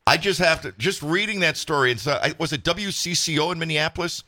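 A male radio talk show host, chatty and animated as he tells stories. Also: a little high, fast talker, no room sound, clean studio sound.

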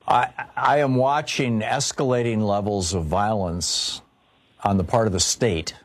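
A man's voice: lowish voice, fairly even intonation. A man hosting a political call-in radio show, sarcastic about the news and then earnest and alarmed, often restarting his sentences. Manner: halting, with repeated restarts. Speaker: radio talk show host.

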